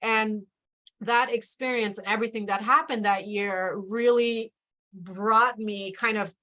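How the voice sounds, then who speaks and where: Woman, spiritual mentor, video call, slow reflective talk, restarts, mid pitch. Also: fairly even intonation, pushed and bright. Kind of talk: casual spiritual conversation.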